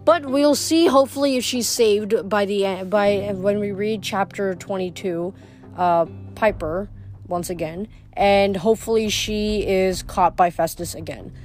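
A woman's voice: mid-range voice, unhurried, a little mellow, soft background music. A woman reading a novel aloud and chatting about it, often stumbling and correcting herself. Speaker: book reader.

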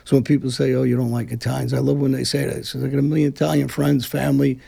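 Gravelly, warm and edged with breath, this medium-pitched voice moves fast but delivers flatly. It belongs to a middle-aged Brooklyn man being interviewed, who is blunt, combative and prone to rambling restarts in the heated exchange.

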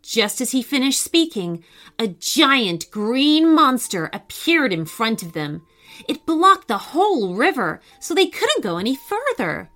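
A woman reading a children's story aloud with a lively, swooping delivery. Her voice is bright and crisp, and sits a little high. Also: unhurried.

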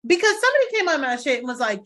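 A woman's voice: high-pitched, very animated, very fast, a bit bright. A woman hosting a podcast in casual chat, blunt and emphatic, swearing freely and acting out what others said. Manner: blunt, emphatic and profane, acts out quotes. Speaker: podcast host.

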